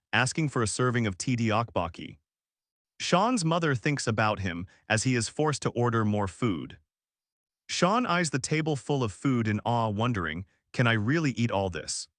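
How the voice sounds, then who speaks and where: Guy reading a story recap, mid voice, steady delivery, dry close mic. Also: medium pitch, no echo. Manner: even read-aloud delivery, quoted lines read in the same voice. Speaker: recap narrator. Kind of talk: scripted story recap narration.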